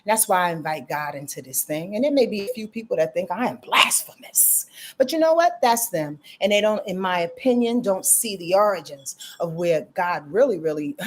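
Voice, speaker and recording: Speaking at a normal speed in an animated, lowish voice, a middle-aged astrologer runs her channel's livestream. She greets viewers by name, chats casually, and rants freely.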